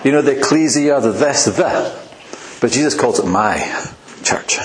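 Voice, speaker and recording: A man preaching a sermon in a relaxed, chatty way, often laughing at his own asides. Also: medium pitch, unhurried, reverberant, slight background noise, poor audio. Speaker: pastor.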